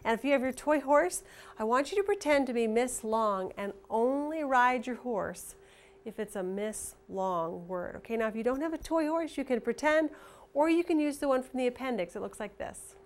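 A woman's voice: fairly high pitch, normal speed. A middle-aged woman teaching phonics to young children, showing objects one by one in a patient show-and-tell way. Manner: gets excited calling a pretend horse race. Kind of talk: video lesson for young children.

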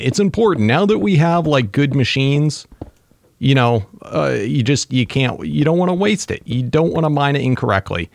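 Excitable gravelly-voiced man gaming. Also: medium pitch. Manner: excitable, talks to himself while playing. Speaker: gaming channel host. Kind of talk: casual let's-play commentary.

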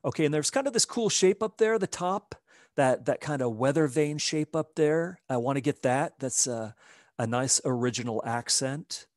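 A man teaching a live digital painting demo, explaining his steps in a relaxed way as he works. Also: mid-range voice, moderate pace, dry recording, studio quality. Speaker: art instructor.

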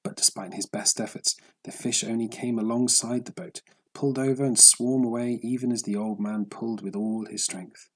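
A man narrating a story in a steady, measured audiobook reading. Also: mid-range voice, breathy edge, rough recording.

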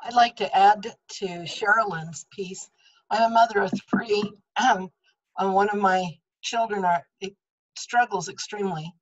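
A woman panelist on a video call, speaking in a slow, measured way. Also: mid-range voice, lo-fi sound.

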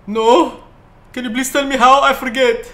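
High-voiced man doing a playful accent. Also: fairly even intonation, normal speed, sharp tone, a little hiss or hum. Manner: put-on Arabic-flavored accent, playful, mixes in Arabic. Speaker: gaming streamer. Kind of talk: comedic in-character gameplay chat.

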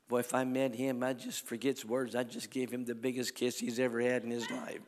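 An older man preaching at a crusade, telling folksy stories in a sermon that swings from soft talk to loud exhortation. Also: medium pitch, little pitch movement, moderate pace. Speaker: evangelist preacher. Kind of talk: sermon with storytelling. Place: large church or arena at a crusade. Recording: long hall reverb.

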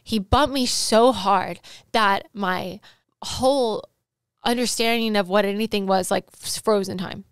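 A woman speaks earnestly and emotionally as she tells a personal story on her podcast, often looping back on her words with fillers. Her voice is exceptionally smooth and clear, at an ordinary pitch for a woman. The recording is dry and close, with no room sound at all. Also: a little slow, dry recording. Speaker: podcast host and sales coach.

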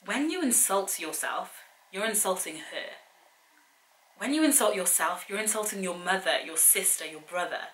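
A woman's voice: lowish voice, pushed and bright. A young woman giving a casual, earnest motivational talk to her viewers, chatty and full of direct challenges. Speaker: fitness and wellbeing vlogger. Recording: echoey room, faint background hiss.

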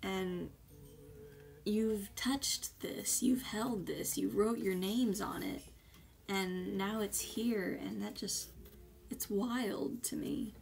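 Slow, gravelly-voiced woman gushing. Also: medium pitch, darkish tone. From United States. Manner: gushing and effusive, with hesitant fillers. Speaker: vlogger. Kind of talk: casual unboxing chat.

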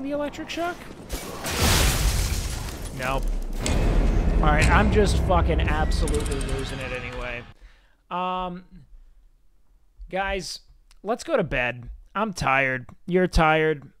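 A young man chatting casually on a game stream, rambling and swearing, with sudden excited outbursts. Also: on the high side, takes it slowly, pauses often, heavy background noise. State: sleepy. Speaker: livestreamer. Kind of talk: casual gaming stream chat.

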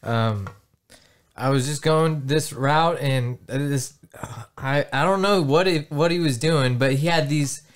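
A man's voice: on the high side, slow pace. A young man cohosting a podcast who tells his story in casual chat and keeps laughing as he goes. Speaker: podcast co-host.

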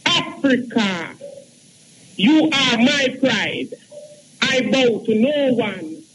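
Man, thirties, caller, very high voice, slow chanted poem recitation, phone line, faint background noise. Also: animated, fairly bright tone. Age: 30s.

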